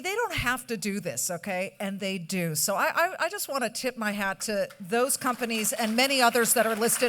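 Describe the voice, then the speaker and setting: A woman's voice: a little high, noisy background. Woman from California, podium speech, breezy with jokes to the room. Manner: chatty, joking asides to the audience. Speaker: award presenter at a charity gala. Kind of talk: after-dinner award speech. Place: banquet hall. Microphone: podium microphone.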